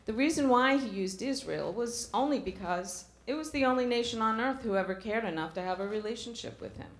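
A woman's voice: on the high side, fairly quick, reverberant. A middle-aged woman preaching a sermon in a church, earnest, asking the congregation questions.

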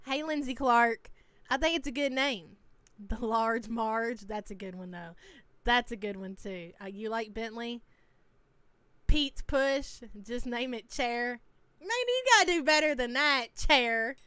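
Woman streamer, high-ish smooth voice, dry close mic, teasing chatty reactor. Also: lively intonation, unhurried, fairly bright tone, no echo. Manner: chatty, teasing, reads chat names aloud. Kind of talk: casual live-stream reaction.

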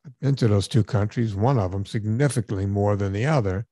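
A man hosting a podcast, telling stories in an animated, sarcastic way during casual chat. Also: lowish voice, brisk, no echo. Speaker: podcast host.

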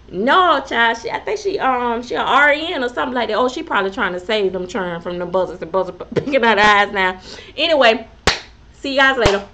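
A woman's voice: fairly high pitch, a little fast, pushed and bright, a little hiss or hum. A woman chatting casually on a live stream, reading out viewer names and laughing often.

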